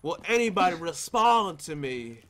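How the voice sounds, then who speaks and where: High-voiced man raging at a game. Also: sing-song, normal speed, a little hiss or hum. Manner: shouting, profane, ranting at other players. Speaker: gamer. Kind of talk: raging gameplay commentary.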